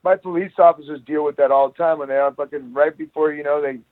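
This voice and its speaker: A man spins a rowdy, profanity-laced story in casual podcast chat, acting out every beat. His voice sits a little high. The sound is thin and tinny, like a phone line, in a dry room. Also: steady tone, fast talker, no room sound. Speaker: guest, jiu-jitsu academy owner.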